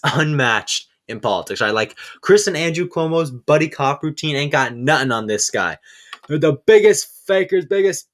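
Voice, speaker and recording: A man's voice: medium pitch, fairly bright tone. A man hosting a casual political commentary show, enthusiastic and peppering his talk with "all right". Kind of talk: casual commentary over clips.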